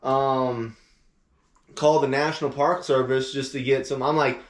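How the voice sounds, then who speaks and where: A man at an everyday middle pitch tells a trip story in a loose, rambling way, full of fillers and little acted-out quotes. His voice rings in an echoey room. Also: steady tone, measured pace. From Louisiana, USA. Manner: rambling, filler-heavy, acts out quoted phone calls. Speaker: podcast co-host. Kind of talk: casual storytelling chat.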